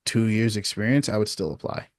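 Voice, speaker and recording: A man giving casual sales advice on a video support call, relaxed and chatty, often asking "you know what I mean?". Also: lowish voice, a little fast, no room sound. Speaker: sales coach.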